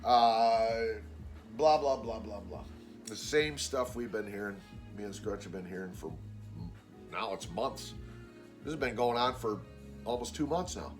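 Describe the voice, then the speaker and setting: A man's voice: expressive, a little slow, soft background music. A man telling a story in a casual vlog, blunt and exasperated, swearing freely and acting out what other people said. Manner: acts out quoted people with raised pitch. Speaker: vlogger.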